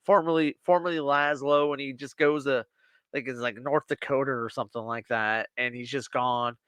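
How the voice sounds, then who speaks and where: Bright-voiced excited man. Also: medium pitch, moderate pace, clean tone, dry recording. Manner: excited, rambling, quotes characters. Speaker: podcast co-host. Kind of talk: casual chat, retelling episodes.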